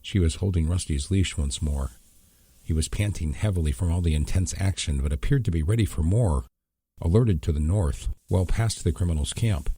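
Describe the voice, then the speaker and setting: Deep-voiced man, measured audiobook reader, dark husky tone. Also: no room sound, studio quality. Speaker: audiobook narrator. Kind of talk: scripted narration.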